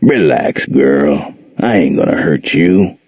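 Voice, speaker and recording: A man voicing a gruff, domineering grown man who growls coarse commands. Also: rumbling low, takes it slowly, no echo, pitched below the performer's own voice, heavily acted. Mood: menacing. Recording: slightly dull lo-fi recording.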